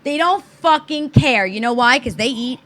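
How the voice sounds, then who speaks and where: A woman's voice: high-pitched, expressive, moderate pace, a bit bright. A woman co-hosting a casual talk show, ranting with emphatic profanity. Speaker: co-host. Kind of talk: heated casual chat.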